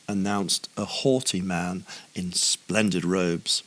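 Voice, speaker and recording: Slow wry story guy, gravelly voice, bouncy pitch, funny little asides. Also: lively intonation, fairly bright tone. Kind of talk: humorous storybook narration.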